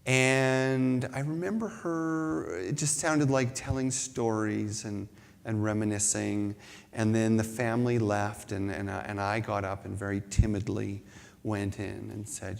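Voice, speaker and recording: A man's voice: fairly low pitch, steady tone, unhurried, gravelly. A man giving a reflective spiritual talk, telling a personal story with self-deprecating humor. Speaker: spiritual speaker. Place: large hall at a spiritual center. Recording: long reverb in a hall.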